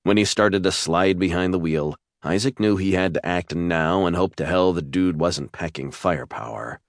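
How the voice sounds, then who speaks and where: A male audiobook narrator telling a suspense romance with steady, measured delivery. His voice is extremely deep, and the sound is dry and close with no room echo.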